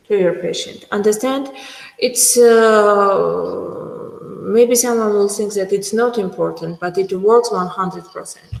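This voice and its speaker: A woman with a Georgian accent giving a medical school lecture, speaking slowly and emphatically and often checking in with her students. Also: medium pitch. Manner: slow, emphatic, frequent checks with the class. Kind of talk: university lecture. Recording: echoey hall, roomy reverb.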